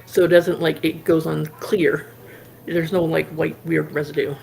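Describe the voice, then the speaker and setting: Gravelly low-voiced woman telling stories. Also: moderate pace, a little hiss or hum. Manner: rambling, lots of "like" fillers; animated anecdote telling. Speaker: livestream host. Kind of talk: casual storytelling chat.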